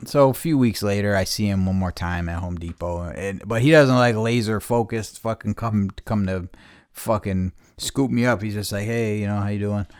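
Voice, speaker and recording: A man's voice: on the low side, moderate pace, darkish tone, smooth, no room sound, clean studio sound. Profane rambling New guy. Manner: profane, loose and chuckling. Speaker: podcast host. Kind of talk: rambling casual storytelling.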